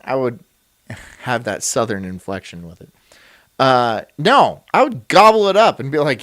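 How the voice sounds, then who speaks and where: A man's voice: medium pitch, animated, normal speed, a bit bright, no room sound. A man streaming, reacting to a video in rambling, crude and self-mocking casual chat.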